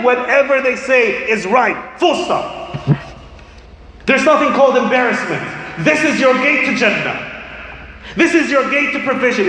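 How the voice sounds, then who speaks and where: A high-voiced man preaches a sermon as imam, impassioned and rising to shouts as he presses his point. The sound rings in a big echoing hall with long reverb and a faint background hum. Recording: echoey hall, faint ambience.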